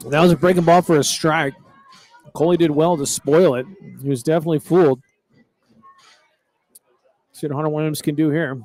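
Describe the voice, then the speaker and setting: A man's voice: fairly high pitch, fairly even intonation, normal speed, long pauses, darkish tone. A middle-aged man, calling a baseball game in a folksy, chatty, rambling way. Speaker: play-by-play announcer. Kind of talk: baseball commentary.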